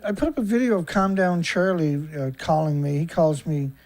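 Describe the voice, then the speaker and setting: Conversational host man, quick interjections. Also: on the high side, lively intonation, a little mellow. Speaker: show host. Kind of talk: casual phone talk.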